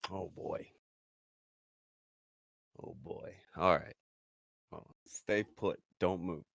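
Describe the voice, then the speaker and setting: A man's voice: low voice, slow, creaky, a bit bright, no echo, studio quality. A man hosting a casual stream show, chatting and reading viewer comments aloud. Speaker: host.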